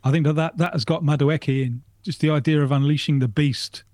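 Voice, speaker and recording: A man's voice: fairly high pitch, fairly even intonation, brisk, darkish tone, dry recording, studio quality. Playful pundit man. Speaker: radio pundit. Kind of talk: studio sports discussion.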